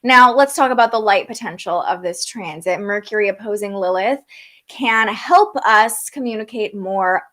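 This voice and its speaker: A woman's voice: mid-range voice, moderate pace, fairly bright tone. A young woman giving a casual astrology forecast, chatty, with frequent fillers and restarts. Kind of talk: casual livestream talk.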